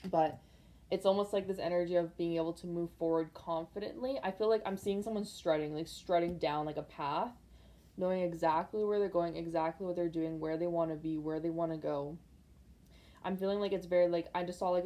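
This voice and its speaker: Mellow-voiced woman giving a tarot reading. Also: on the low side. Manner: rambling, filler-heavy, speaks intuitively to viewers. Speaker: tarot card reader. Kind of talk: casual pick-a-card tarot reading to camera.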